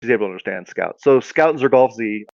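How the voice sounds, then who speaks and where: A man's voice: medium pitch, lively intonation, quick pace, gravelly, a little mellow, no echo, highs cut off. A man co-hosting a podcast, telling a comedic story in a rambling, casual way. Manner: rambling, lots of fillers and restarts. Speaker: podcast co-host.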